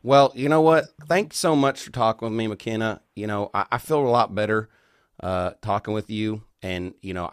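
A man's voice: lowish voice, dry recording, clean studio sound, natural voice. A man posing as a caller with a put-on Southern accent, drawling and questioning. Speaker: prank caller.

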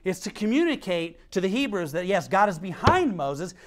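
A man's voice: high voice, normal speed, background noise. A man preaching a sermon as pastor, telling stories animatedly and reading scripture aloud. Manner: animated storytelling, acts out quotes, reads scripture.

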